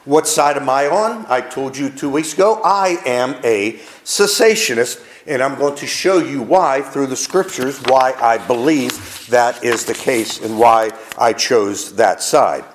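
A pastor preaching a sermon with an emphatic cadence that rises and falls. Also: male voice, medium pitch, a little slow, hardly any pauses, echoey room.

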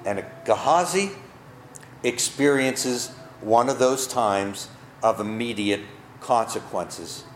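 A man's voice: medium pitch, slow pace, roomy sound, a little hiss or hum. A man preaching a sermon to his congregation, emphatic, asking the listeners questions and answering them himself. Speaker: pastor. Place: church.

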